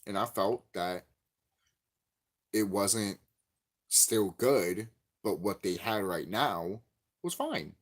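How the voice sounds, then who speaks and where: A man's voice: slow, pauses often. A man giving a profane, angry vlog rant about a game, repeating himself and cursing. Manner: angry, profane, repetitive ranting; lively swinging pitch, gets loud and high when worked up. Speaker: YouTube game commentator. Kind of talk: ranting vlog commentary.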